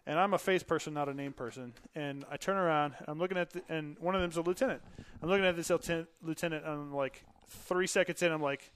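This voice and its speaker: Man, thirties, podcast guest, chatty storyteller who laughs a lot, slightly high and clear voice. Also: fast, a bit bright. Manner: laughs often while telling stories, acts out dialogue. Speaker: podcast guest, Air Force veteran. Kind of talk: casual storytelling.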